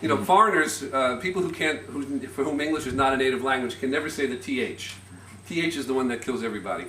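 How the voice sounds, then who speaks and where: A middle-aged man gives an informal speech at a family gathering, a little nervous, telling anecdotes with stops, restarts and soft chuckles. He stands well back from the microphone, so his voice carries a roomy echo. There is a faint hum of ambience behind him. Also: medium pitch, quick pace. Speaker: family member giving a speech. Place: party room, indoors. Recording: echoey, distant amateur room recording.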